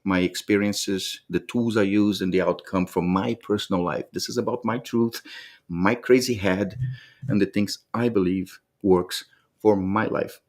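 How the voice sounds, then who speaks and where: In a vlog, a man with a fairly low voice offers reflective motivational thoughts. He speaks earnestly and sincerely in a steady tone at a measured pace, often looping back and repeating words while he searches for what to say.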